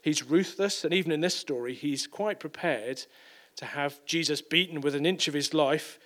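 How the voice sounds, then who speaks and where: A man's voice: fairly high pitch, moderate pace, a bit bright. A man preaching a sermon in a conversational way, often repeating and correcting words.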